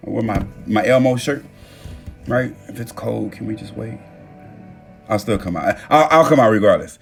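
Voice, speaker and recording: A man hosting a casual live stream from home on his phone, reading comments aloud and talking warmly about love and manifesting, with excited bursts and stumbling restarts. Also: on the low side, gravelly. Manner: warm, affirming, talks about love and manifesting. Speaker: TikTok live host. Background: soft music playing.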